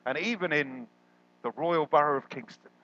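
A man preaching a sermon as a guest, animated and jokey, jumping up in pitch when he quotes people. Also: moderate pace, dull audio. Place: church hall.

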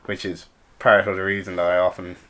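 A man's voice: sits low, flat delivery, a little fast, fairly bright tone. A man co-hosting a podcast in casual chat, dry and joking, laughing often. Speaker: podcast co-host.

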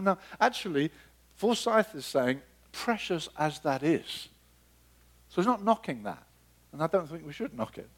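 Male preacher, higher than average pitch, animated, dramatizes scripture, sinks to a quiet murmur for emphasis. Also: normal speed. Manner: animated, acts out biblical dialogue with sudden pitch leaps; drops to a soft, low murmur for emphasis. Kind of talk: sermon.

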